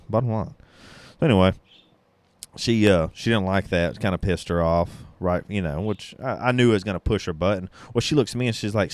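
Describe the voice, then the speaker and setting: A man's voice: lowish voice, moderate pace, no room sound. A man hosting a podcast, telling a story in a blunt, rambling way with plenty of swearing. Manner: sips beer while talking. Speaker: podcast host. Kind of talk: casual storytelling.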